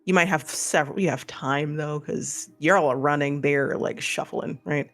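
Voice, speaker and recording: With faint music in the background, a man with a Missouri accent runs a tabletop horror game, narrating loosely and rambling. He speaks at normal speed in a steady, slightly bright voice on the high side.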